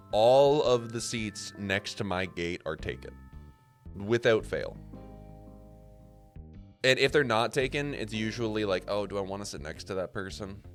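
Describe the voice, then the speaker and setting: A man from Canada streaming a puzzle game, rambling and joking with casual swearing as he plays. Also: medium pitch. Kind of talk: casual gameplay commentary.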